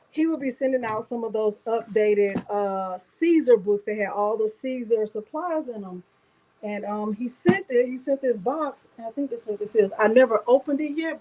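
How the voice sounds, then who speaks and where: Woman, craft livestream host, slightly high voice, chatty, greets viewers by name. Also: darkish tone, poor audio. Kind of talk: casual livestream chat.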